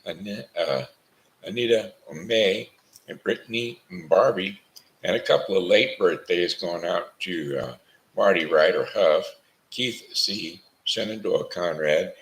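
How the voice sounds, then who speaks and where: Male live-stream host: deep gravelly voice, easygoing rambling chat, sounds tired. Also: a bit bright, poor audio. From St. Charles, Missouri. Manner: rambling, chatty, sings a birthday song. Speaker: host of a live home broadcast. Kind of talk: casual live chat, birthday shout-outs.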